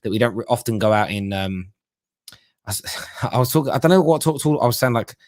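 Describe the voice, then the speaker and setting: A man's voice: medium pitch, animated, fairly quick, a little mellow, no room sound, clean studio sound. A man hosting a live football call-in show, chatting and reading out viewer comments. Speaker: host.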